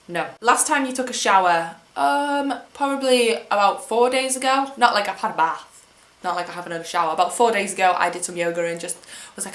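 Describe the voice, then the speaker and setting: A fairly quick, slightly bright, medium-pitched voice rings with reverb as an English vlogger in her twenties chats through a tag video at home. She answers wryly, teasing herself along the way.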